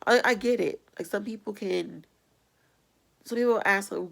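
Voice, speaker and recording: A woman's voice: mid-range voice, moderate pace, creaky. A young adult woman vlogger ranting bluntly and with exasperation in a casual video. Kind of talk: casual vlog rant.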